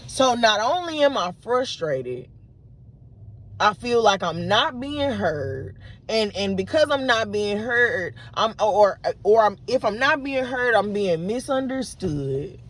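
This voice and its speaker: A woman in her late twenties vents to camera in a raw, unedited vlog. She retells an argument in a frustrated, rambling way, full of fillers and false starts. Her voice sits at a middling pitch. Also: very animated, takes it slowly. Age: late 20s. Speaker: vlogger. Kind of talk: unedited casual monologue to camera.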